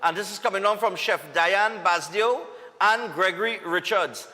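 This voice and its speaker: Animateur trinidadien à la voix claire et aiguë. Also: male voice, high voice, normal speed, pushed and bright, in a large hall. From Trinidad and Tobago. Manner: casual, upbeat, reads greetings with local slang. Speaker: morning show host. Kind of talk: live TV greetings segment.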